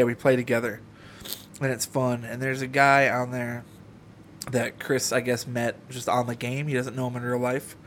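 A man chatting on a casual podcast, rambling through a story and laughing easily. His voice sits in a middle pitch, with a faint steady hiss behind him. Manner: laughs often, rambling and playful. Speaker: podcast host.

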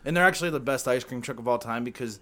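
A man co-hosting a casual podcast chat, quick to argue and swearing freely. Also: mid-range voice, a bit bright. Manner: quick, swears a lot, argumentative. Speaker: podcast co-host.

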